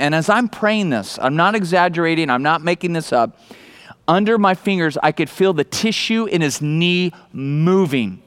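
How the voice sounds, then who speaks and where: A middle-aged male pastor preaching a sermon, telling a personal story in an earnest way that builds into loud, excited preaching. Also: a little high, moderate pace, clear, resonant tone.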